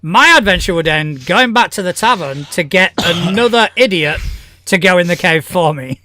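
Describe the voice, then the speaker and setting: Man, Northern English accent, teasing podcast chat, high voice, dry close sound. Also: animated, moderate pace, sharp tone, no room sound. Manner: playful, teasing banter. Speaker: co-host.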